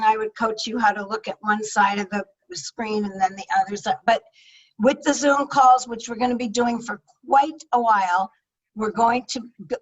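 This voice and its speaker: A woman speaking coach giving an energetic, emphatic talk on public speaking over a video call. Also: a little high. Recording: distant-sounding video call audio.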